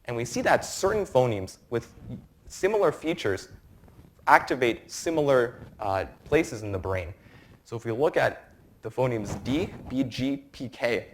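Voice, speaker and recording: A young man in his twenties presenting an academic lecture to a room, explaining research in a quick, informal way. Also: medium pitch, sing-song. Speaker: medical student presenter.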